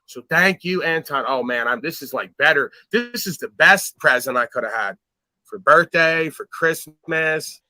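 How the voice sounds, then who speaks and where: A boastful man rants on his livestream in a fairly high, very bright voice, cursing freely. He swings from sudden loud outbursts down to low muttering. The sound is close and dry. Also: a little slow, no room sound. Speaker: livestream host. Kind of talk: ranting livestream commentary.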